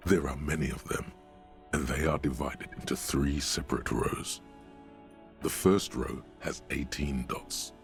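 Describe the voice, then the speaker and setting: A man voicing a dry, calm inner-voice narrator in a game, speaking in a measured, gravelly way. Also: faint music behind, full character voice. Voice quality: deep and gravelly.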